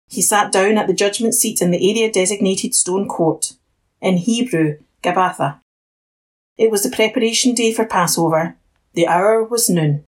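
A woman reads a Bible passage aloud as narrator. Her voice is husky and her pace steady. Her pitch sits in the middle of the range. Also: rough recording. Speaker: Bible reader. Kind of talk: scripture narration.

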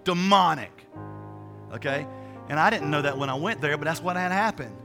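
A man's voice: fairly high pitch, normal speed, music in the background. A man preaching a sermon and telling a personal testimony, with a rambling, emphatic, colloquial delivery full of restarts and repetitions.

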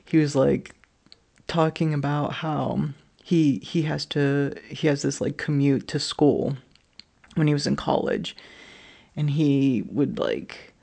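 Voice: mid-range voice, takes it slowly, gravelly, warm tone. A speaker in their thirties sharing a candid personal story, rambling, with lots of "like" fillers and casual swearing.

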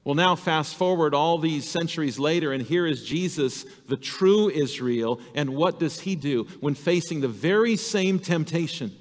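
A man's voice: medium pitch, lively intonation, normal speed. A man preaching a sermon as pastor, earnest and vivid, acting out the voices he quotes. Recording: reverberant hall.

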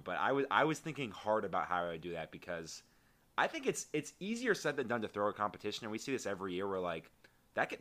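A man co-hosting a casual recap podcast, talking quickly in a lowish, bright voice. He rambles on eagerly, piling up his thoughts. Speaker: podcast co-host. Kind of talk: casual reality-show recap chat.

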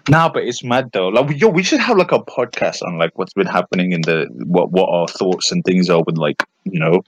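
A young man, chatting on a podcast in a rambling, animated way, full of fillers and restarts. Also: low-pitched, a little fast, husky, low-quality recording. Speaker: podcast co-host. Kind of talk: casual chat.

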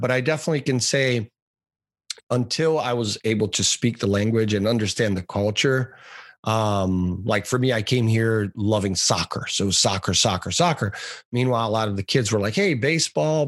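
A man in his forties from Brazil, a podcast guest telling his life story in a relaxed, rambling way with many fillers and restarts. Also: on the low side, dry recording, studio quality. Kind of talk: casual interview storytelling.

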